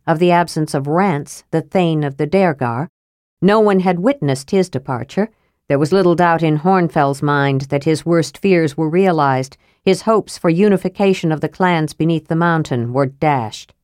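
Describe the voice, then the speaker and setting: A woman narrating a fantasy audiobook in a steady, even reading voice. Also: sits low, no echo, studio quality.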